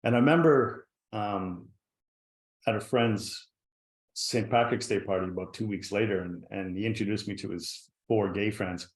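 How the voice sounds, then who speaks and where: A man's voice: fairly low pitch, moderate pace. A man speaking as a guest on a virtual panel, telling a personal story in an earnest, reflective way over a video call. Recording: roomy echo.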